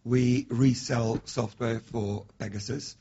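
A man with a gravelly, very raspy voice speaks as a radio interview guest, measured and explaining with fillers. The recording sounds dull and lo-fi. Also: medium pitch, steady tone, mellow. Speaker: guest, business owner.

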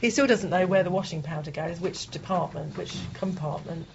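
A middle-aged woman co-hosting a local radio show, chatty and quick to laugh. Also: lowish voice, gravelly. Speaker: radio co-host. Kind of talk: casual radio chat. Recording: dull radio studio sound with faint noise.

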